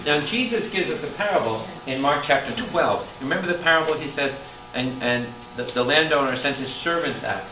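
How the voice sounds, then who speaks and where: A man preaching a Bible study in a church hall, animated and quizzing his listeners. He sounds distant from the mic, and the roomy space carries plenty of echo. A steady noise sits under his voice. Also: on the high side, fairly quick, hardly any pauses. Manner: animated, calls out questions to the room. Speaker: priest teaching Bible study. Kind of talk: lively preaching to a congregation.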